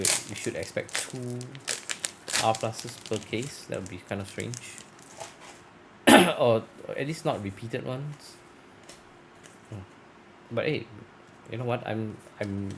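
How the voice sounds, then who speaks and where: A man's voice: on the low side, creaky. A man chatting casually while opening card packs, rambling and correcting himself, his voice turning scratchy from long talking. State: voice getting scratchy. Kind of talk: casual unboxing chat.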